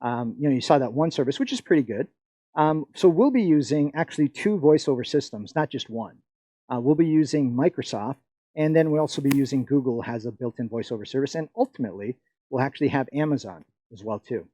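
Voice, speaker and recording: A man's voice: medium pitch, lively intonation, fairly quick, warm tone, no room sound. A middle-aged man from the Philippines presenting a live workshop, rambling and chatty with many fillers and frequent laughs.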